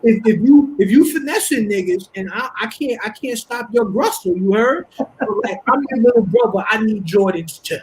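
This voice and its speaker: A man from Harlem, telling stories in an animated, laughing way as a podcast guest. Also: sits high, normal speed, husky, low-quality recording. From Harlem, New York. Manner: animated storytelling, laughing often. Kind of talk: casual podcast chat.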